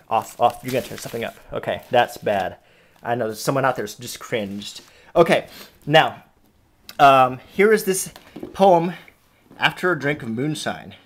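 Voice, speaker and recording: A man with a faint Southern accent talks in a relaxed, amused, conversational way, like someone sharing family stories from his house. He is recorded on a camera mic at home and keeps a friendly, storytelling flow. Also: mid-range voice. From Alabama, US South. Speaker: host showing family scrapbook. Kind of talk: casual vlog narration. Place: at home indoors, cats around.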